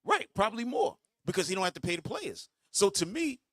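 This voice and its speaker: Lively middle-aged man hosting a talk show. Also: high voice, no room sound, studio quality. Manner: animated, emphatic, quick reactions. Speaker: radio show host. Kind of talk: casual radio talk.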